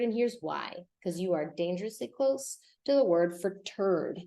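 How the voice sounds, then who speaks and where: A woman's voice: fairly low pitch, vocal fry. Woman teaching Spanish on a podcast. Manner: lively, repeats words slowly to model pronunciation. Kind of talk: casual podcast lesson.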